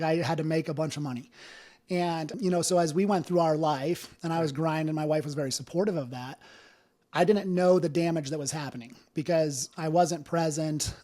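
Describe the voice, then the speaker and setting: A man's voice: a little high, mellow. Earnest man telling a personal story. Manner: earnest, emotional, fillers like "you know". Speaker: interview guest, business owner.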